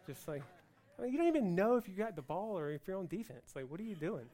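A man preaching a sermon on Hebrew words for worship, mixing joking asides with loud, emphatic passages. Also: high-pitched, sing-song, fast. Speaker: pastor.

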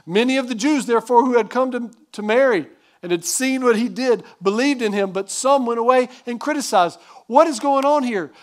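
A man with a high voice preaching to his congregation. He presses his points hard and keeps asking the listeners questions. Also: moderate pace. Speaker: pastor. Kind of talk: sermon.

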